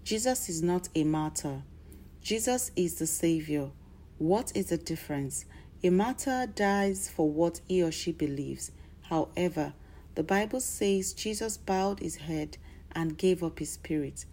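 A woman preaches a sermon with a low, mellow voice. Her delivery is declarative and steady, and it swells into emphatic bursts of emphasis. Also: unhurried.

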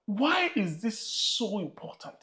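Nigerian preacher, emphatic sermon delivery, slow measured pace, swooping lively pitch.

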